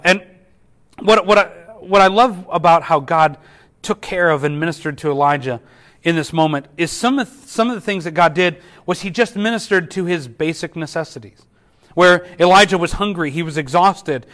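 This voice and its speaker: A man preaching a sermon as a pastor, earnest, often repeating words as he restarts. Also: sits high. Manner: earnest, repeats words at restarts, drops softly for quoted whispers.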